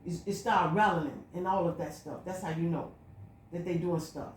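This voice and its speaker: A woman's voice: fairly low pitch, moderate pace, slight background noise. A woman vlogging a personal spiritual monologue, telling her story in an emphatic, repetitive, looping way. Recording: echoey room.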